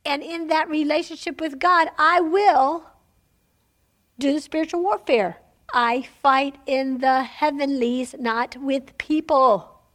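A woman's voice: high voice, fairly even intonation, slow, a bit bright. A woman teaching a women's Bible study in an informal sermon, chatty, laughing often and asking "Amen?" of her listeners.

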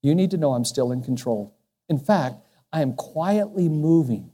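A man voicing God as a calm, commanding presence reassuring a prophet in a slow, low, hushed way. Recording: long hall reverb.

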